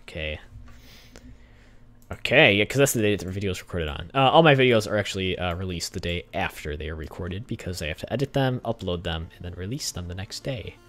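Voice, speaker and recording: A man's voice: sits low, expressive, fairly quick, a bit bright, dry recording. A young man hosting a gaming channel, giving casual gameplay commentary, chatting to the characters on screen and getting easily exasperated.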